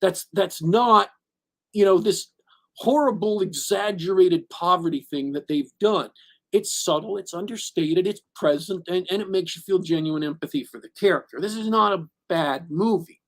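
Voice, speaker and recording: A man's voice: sits high, moderate pace. A man co-hosting a podcast, reviewing a movie in casual chat. He rambles with many restarts and fillers and gets emphatic when he gives his opinions. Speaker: podcast co-host.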